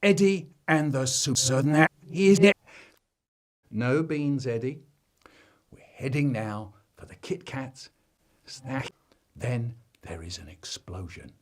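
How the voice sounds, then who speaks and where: A man's voice: medium pitch, lively intonation, slow, long pauses. A man telling comic stories in a playful, exaggerated way. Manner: exaggerated, playful, does funny voices. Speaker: storyteller. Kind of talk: animated comic storytelling, remixed clips.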